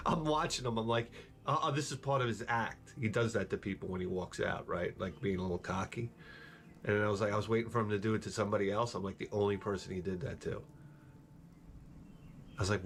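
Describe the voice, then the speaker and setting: Middle-aged guy rambling while he games, low voice, cussing and cracking jokes. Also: fairly quick, long pauses, a bit bright, a little hiss or hum. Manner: rambling, profane, wisecracking. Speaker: gameplay streamer. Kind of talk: casual chat while gaming.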